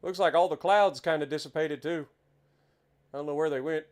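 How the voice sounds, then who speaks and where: Appalachian guy chatting away while he streams a truck game, voice sits a bit high, gets worked up over the views. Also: brisk. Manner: chatty, easily excited, exclaims at scenery. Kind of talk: casual gameplay commentary.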